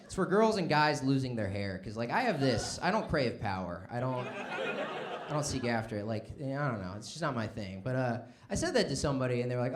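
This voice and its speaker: A man's voice: mid-range voice, sing-song, a little fast. Rambling young man doing stand-up. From Southern United States. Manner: rambling, self-deprecating, lots of fillers and asides to the crowd. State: tipsy. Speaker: stand-up comedian. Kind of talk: stand-up set. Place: comedy club stage.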